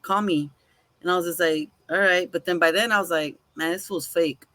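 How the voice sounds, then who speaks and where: Woman cohost spinning a story, bright voice, swears easy, plays both sides of the convo. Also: on the low side, normal speed, dry recording. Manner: animated, swears casually, acts out quoted dialogue. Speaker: podcast co-host. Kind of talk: casual storytelling chat.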